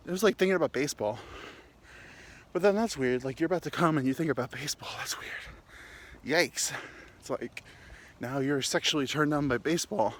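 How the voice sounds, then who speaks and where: A man's voice: medium pitch, fairly quick, a little hiss or hum. Rambling crude man walking outdoors. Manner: candid, crude, meandering. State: slightly winded, walking uphill. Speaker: podcast host. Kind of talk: rambling comic monologue.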